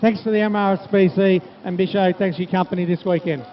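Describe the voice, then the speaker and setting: A man's voice: sits high, steady tone, fast. A man, a race commentator signing off steadily and thanking the crowd. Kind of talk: commentary sign-off. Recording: dull live-stream audio with faint noise.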